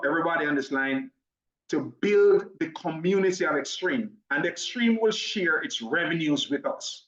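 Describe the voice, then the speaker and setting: A man with a Jamaican accent giving an upbeat, persuasive online sales presentation, talking fast when excited. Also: fairly high pitch, reverberant, far from the mic, highs cut off. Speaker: business opportunity presenter.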